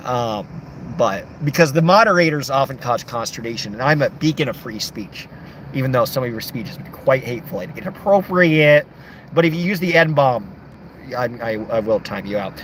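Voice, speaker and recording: A young man livestreaming late at night plays around, voicing chat comments in assorted voices and cracking jokes. He speaks at normal speed in a mid-range voice with lively intonation and a fairly bright tone, over slight background noise.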